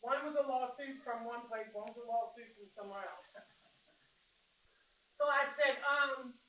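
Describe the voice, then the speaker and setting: A middle-aged woman teaching a physical therapy class, telling candid stories in a lively, casual way, recorded from across a classroom. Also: a little high, normal speed, long pauses. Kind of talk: lecture with personal storytelling. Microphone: far room mic. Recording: distant, roomy, muffled with hiss.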